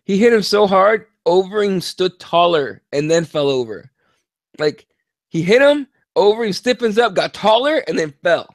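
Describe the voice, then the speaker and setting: A tired man co-hosting a casual sports podcast, talking in a profane, animated and rambling way. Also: high-pitched, moderate pace, no room sound, studio quality. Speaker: podcast co-host.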